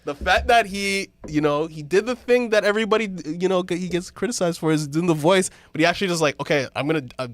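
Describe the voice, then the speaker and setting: A man's voice: high voice, fast talker, few pauses, dry recording. A man co-hosting a music podcast, chatting casually, laughing often and swearing freely. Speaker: podcast co-host.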